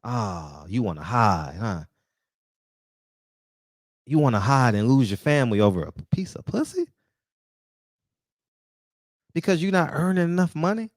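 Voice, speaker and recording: Fired-up man preaching with lively pitch. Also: unhurried, pauses often, no echo, clean studio sound. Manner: preachy, confrontational, repeats rhetorical questions. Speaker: barbershop talk show host. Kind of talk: heated casual monologue.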